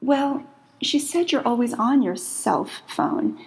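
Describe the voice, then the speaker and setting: A woman voicing an earnest female schoolteacher who lectures softly and apologetically. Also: a little high, expressive, slow, gravelly, pitched above the performer's own voice, heavily acted, low-quality recording.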